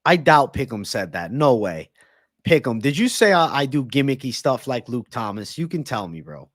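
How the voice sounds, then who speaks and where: A man's voice: medium pitch, sing-song, normal speed, no room sound. A male livestream host breaks down fights and riffs with his chat in a loose, profane, hyped way. His voice sits in a middle register. The sound is dry and close, with no room around it. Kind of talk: live-streamed fight predictions and chat.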